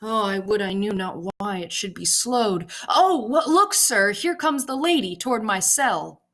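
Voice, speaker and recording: A calm older friar who gives counsel, read by a woman. He speaks in a measured, grave way, and the voice stays close to an everyday reading voice. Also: mid-range voice.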